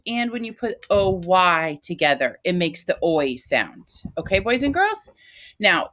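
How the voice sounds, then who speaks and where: A woman teacher giving a phonics lesson to first graders, talking slowly and patiently in a sing-song teacher voice. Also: medium pitch, a bit bright. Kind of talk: phonics lesson for young children.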